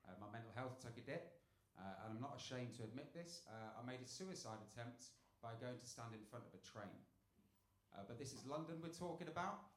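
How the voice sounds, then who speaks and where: A man doing a stand-up set on a club stage into a handheld mic, telling dark jokes deadpan, dropping low for setups and getting loud on punchlines. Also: a little fast. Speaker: stand-up comedian. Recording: echoey club with room noise.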